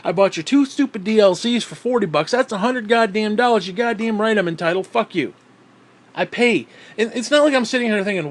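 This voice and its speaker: A high-voiced man rants into the camera, short of breath, swearing constantly as he vents bitterly. His pitch sits well above most men's. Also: lively intonation, a little fast. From New York State. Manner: profane, bitter ranting. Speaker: vlogger. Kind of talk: ranting vlog monologue.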